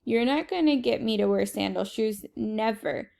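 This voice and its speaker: A woman's voice: fairly high pitch, moderate pace, creaky, a little mellow. A woman reading aloud and voicing an indignant, matter-of-fact schoolboy. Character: grade-school boy, exasperated older brother.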